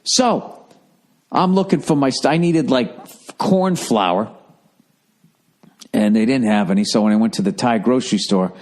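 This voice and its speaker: A man in his fifties with a Boston accent tells a comedic story on his podcast. He talks in a casual, profane, animated way and swears constantly. His voice sits in an ordinary middle pitch. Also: unhurried, long pauses. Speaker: podcast host.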